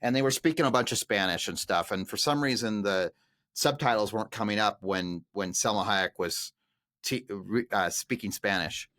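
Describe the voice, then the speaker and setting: A man with a lowish voice chimes in with agreement and short anecdotes. He co-hosts a relaxed trade podcast. The sound is close and dry. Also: normal speed, no room sound. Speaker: podcast co-host. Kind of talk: casual chat.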